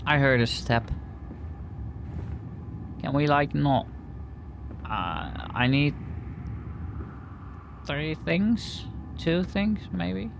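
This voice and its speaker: A man's voice: a little high, extremely slow, vocal fry, pauses often, noisy background. A man playing a horror game and commenting with joking, sarcastic asides, sometimes reading in-game notes aloud. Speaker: gaming video creator.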